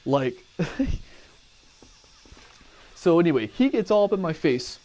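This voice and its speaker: A man's voice: fairly high pitch, animated, slow, warm tone. A man telling a personal story casually, rambling, cursing and often correcting himself.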